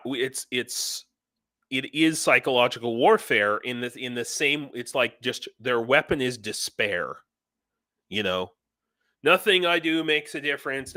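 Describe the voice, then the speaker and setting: A man in his forties talking casually on a livestream, rambling with frequent restarts and asides. His voice is bright and forward. The sound is dry and close to the mic. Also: medium pitch, dry recording. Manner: rambling, self-interrupting, reads chat comments aloud. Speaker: livestream host. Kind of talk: casual live-stream chat. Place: home in Ukraine.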